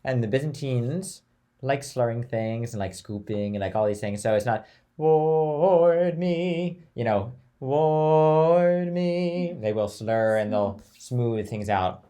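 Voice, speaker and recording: A young man teaching a chant class in a relaxed, chatty way, switching between talk and sung note names and phrases. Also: lowish voice, moderate pace.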